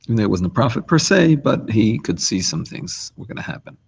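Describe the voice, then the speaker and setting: A man's voice: mid-range voice, sing-song, fairly quick, creaky, slightly rough, poor audio. A man giving an informal Torah lesson, talking it through conversationally with asides and restarts. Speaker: rabbi teaching a class.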